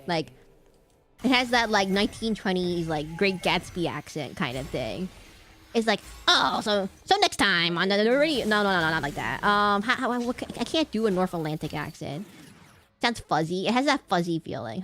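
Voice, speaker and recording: A woman's voice: medium pitch, a bit bright. A woman streaming a video game, chatting casually in a rambling, self-correcting way. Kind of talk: casual gameplay chat.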